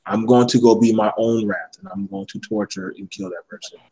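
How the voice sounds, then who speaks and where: A man's voice: fairly low pitch, sing-song, fairly quick, creaky, dark tone, low-quality recording. A man in a casual panel discussion, speaking bluntly and heatedly, with plenty of swearing.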